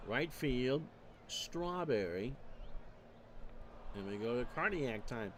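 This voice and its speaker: A man calling baseball play-by-play for a streamed replay, measured and stat-heavy with dry asides. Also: a little high, very animated, a bit bright, slight background noise. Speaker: play-by-play announcer.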